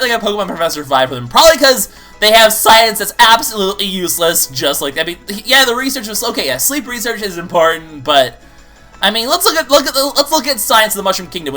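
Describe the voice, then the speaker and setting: This is a chatty let's play commentator who swings their pitch all over the place as they talk. The tone is bright and forward. The commentary rambles and jokes at the speaker's own expense, with faint game music playing behind. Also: fast. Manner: excitable bursts over characters. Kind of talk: casual gameplay commentary.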